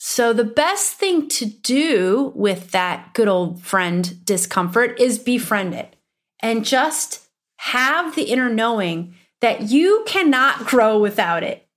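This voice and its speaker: A woman's voice: fairly high pitch, very animated, takes it slowly. A woman in her thirties with an Upper Midwestern accent, teaching as a spiritual coach in an earnest, emphatic way that repeats key phrases. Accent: Upper Midwestern American. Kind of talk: teaching monologue.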